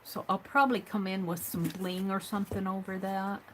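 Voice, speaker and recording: A woman's voice: medium pitch, level tone, moderate pace, a bit bright, slight background noise, poor audio. A woman hosting a live craft stream, thinking aloud as she works, trailing off and murmuring under her breath. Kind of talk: live craft stream, talking while working.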